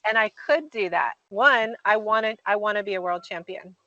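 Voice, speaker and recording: A woman's voice: medium pitch, normal speed, bright, forceful tone, no echo. A woman in her forties hosting an interview, upbeat and encouraging, laying out points step by step. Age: 40s. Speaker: podcast host, coach. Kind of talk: casual interview. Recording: dry, dull lo-fi mic.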